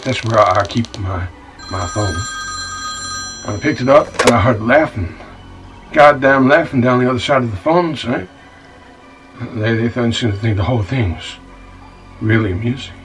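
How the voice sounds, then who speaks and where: A man plays a rough, self-pitying scoundrel who runs a bar, stumbling over his words as he complains. His voice sits low and is heard from a little way off the mic, with a faint music bed under it. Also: distant mic, lightly acted, rough recording. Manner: stammering, repeats words, calls the listener "son". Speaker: bar owner recounting his troubles. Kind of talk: monologue in a comedy-drama web series.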